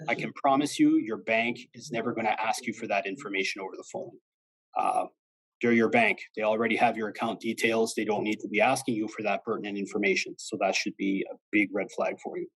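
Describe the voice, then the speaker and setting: A man's voice: on the low side, expressive, fast talker, fairly bright tone, husky, rough recording. A man and former police officer giving an informal, plain-spoken presentation on avoiding scams, acting out the callers he quotes.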